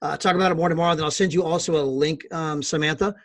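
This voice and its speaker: A man's voice: fairly high pitch, fairly even intonation, no room sound. An American man presenting on a video call, talking in an upbeat, joking way and often repeating himself. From United States. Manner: fast, upbeat, joking, repetitive. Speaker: guest presenter on a team call. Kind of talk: casual online meeting talk.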